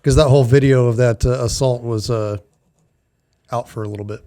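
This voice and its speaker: A man's voice: mid-range voice, fairly even intonation, brisk, mellow. A man co-hosting a podcast in casual chat, hesitant and restarting his sentences. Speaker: podcast co-host.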